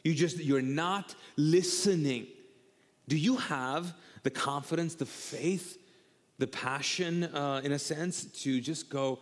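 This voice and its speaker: Animated pastor with a high voice. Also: male voice, slow. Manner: animated, repeats phrases, acts out quotes. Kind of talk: sermon. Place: church auditorium. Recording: long hall reverb.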